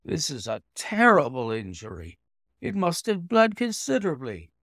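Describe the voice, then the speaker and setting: A man voicing a middle-aged Victorian doctor, brisk and measured in speech. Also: on the high side, huge pitch swings, fairly bright tone, dry recording, studio quality, pitched above the performer's own voice, exaggerated voice. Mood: concerned.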